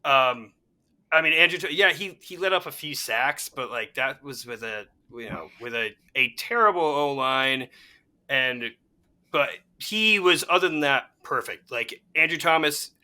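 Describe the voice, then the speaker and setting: A young man co-hosting a casual sports chat, excitable and fan-ish, quick to laugh. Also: medium pitch. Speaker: podcast co-host.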